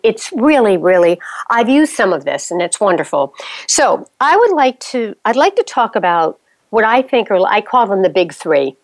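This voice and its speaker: Radio host: woman, enthusiastic and chatty, mid-pitched voice, dry close sound. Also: dry recording. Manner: enthusiastic, chatty, lists things. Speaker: radio talk show host. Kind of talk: radio interview.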